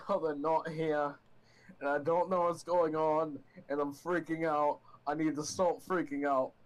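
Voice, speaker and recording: A man's voice: fairly high pitch, level tone, a little slow, natural voice, poor audio. A man voicing a panicky young dragonborn man who stammers and is flustered. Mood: panicked.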